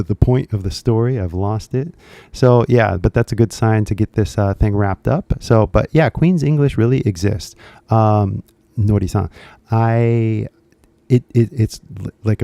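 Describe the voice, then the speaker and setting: Californian dude rambling on a live stream, lots of likes, dry close sound. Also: male voice, on the low side, vocal fry, mellow, no room sound. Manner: rambling, drops in "like" and "you know" a lot. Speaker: English-teaching YouTuber on a live stream. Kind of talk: casual live stream chat.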